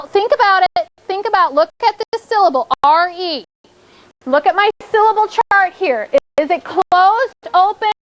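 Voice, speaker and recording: A woman's voice: very high-pitched, fairly bright tone, poor audio. A woman teaching a classroom, coaxing pupils through call-and-response prompts. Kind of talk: classroom instruction.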